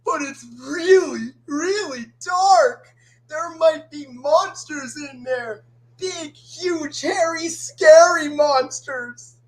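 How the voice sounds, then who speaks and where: A woman doing an impression of a timid young cartoon dragon who is scared of the dark, whining and wailing in panic. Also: high-pitched, slow pace, voice pushed up. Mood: panicked, wailing.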